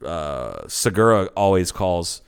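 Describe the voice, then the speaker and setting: A man's voice: deep voice, very animated, takes it slowly, gravelly, smooth. A man co-hosting a podcast in casual chat, swearing freely and laughing often as he tells stories. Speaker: podcast co-host.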